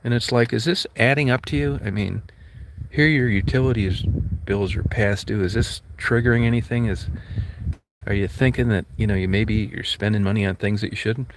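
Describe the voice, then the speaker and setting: A man with a low voice rambles bluntly through casual stories, swearing freely and acting out little quotes. There is a faint hiss behind him. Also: normal speed. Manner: blunt, profane storytelling with acted quotes.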